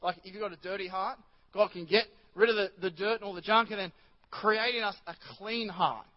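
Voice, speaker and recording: A man's voice: high-pitched, fairly even intonation, a little fast, muffled recording. A male pastor preaching a chatty sermon in church, rambling with many restarts and asides to the congregation.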